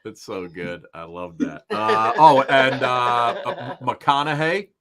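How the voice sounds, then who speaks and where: A man co-hosting a talk show, energetic and quick to restart his sentences. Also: mid-range voice, a crowd in the background. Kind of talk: casual talk show interview.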